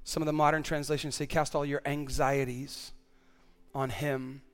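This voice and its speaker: Man, pastor, sermon, high voice, earnest, stammering repeats for emphasis. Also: little pitch movement, normal speed, a bit bright, clean tone. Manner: earnest, repeats words when stressing a point.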